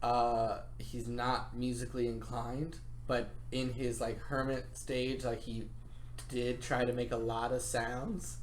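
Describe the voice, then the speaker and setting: A man's voice: medium pitch, little pitch movement, takes it slowly, noisy background. A man playing a tabletop game, talking hesitantly with many fillers and laughing now and then. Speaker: player. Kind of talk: casual chat at a tabletop game.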